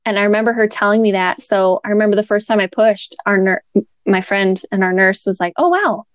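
A young woman telling her birth story in casual chat, chatty and quick to laugh, with lots of "like" fillers. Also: mid-range voice, level tone, dry recording.

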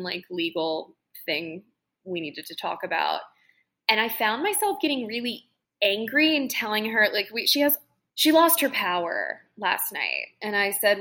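A woman's voice: mid-range voice, sharp tone. A woman in her late twenties, co-hosting a podcast and telling rambling, emotional stories in casual chat. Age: late 20s. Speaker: podcast co-host.

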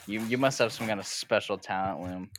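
A man co-hosting a podcast, giving deadpan mock advice in casual banter. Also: fairly low pitch, normal speed, slight background noise. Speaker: podcast co-host. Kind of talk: casual joking chat.

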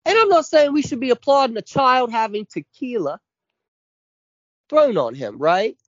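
A man's voice: extremely high pitch, sing-song, normal speed, no room sound, muffled recording. A man in his forties co-hosting a podcast, ranting with constant swearing and heavy emphasis. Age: 40s. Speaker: podcast co-host. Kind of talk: casual chat.

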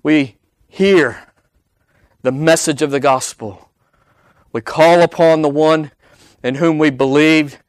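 A man's voice: high-pitched, dry recording, rough recording. A man preaching a sermon, emphatic and repeating key phrases for weight.

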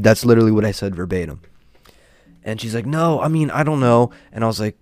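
A man's voice: lowish voice, fast, a little mellow, no echo, clean studio sound. A young man hosting a podcast, telling a rambling, profane story about his neighbor in a casual, exasperated rant. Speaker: podcast host.

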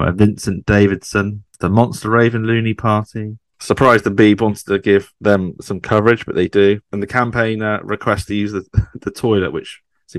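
A low-pitched man talks through a sitcom episode in a relaxed, chatty way. He often stops to ask his co-host questions. The sound is dry and close. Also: no echo. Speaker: podcast co-host. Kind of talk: casual chat recapping a sitcom episode.

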